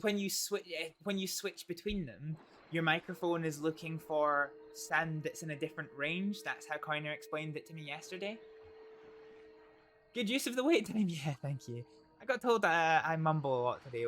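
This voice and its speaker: A man's voice: a little high, fairly bright tone, a little hiss or hum. A man streaming a role-play game in casual livestream chat, rambling and restarting his sentences at a home desk mic. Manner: chatty, rambling, restarts and trails off often. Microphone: desk microphone.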